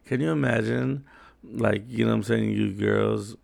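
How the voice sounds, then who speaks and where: A man's voice: lowish voice, steady tone, normal speed, gravelly, darkish tone, dry recording. A man hosting, telling rambling stories in a laid-back, slangy, casual way. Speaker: host. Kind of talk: casual storytelling monologue.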